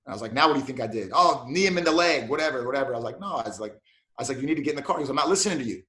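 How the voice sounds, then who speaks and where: In a relaxed interview, this police officer with a black belt in martial arts acts out dialogue while telling lively stories. His medium-pitched delivery is rapid-fire, and the recording has a roomy sound.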